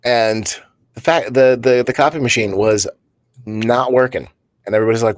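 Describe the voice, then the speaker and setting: A man's voice: mid-range voice, a little fast, dry recording. A man co-hosting a comedy podcast, telling rambling workplace stories and laughing at his own jokes. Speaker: podcast co-host. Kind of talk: casual comedic storytelling.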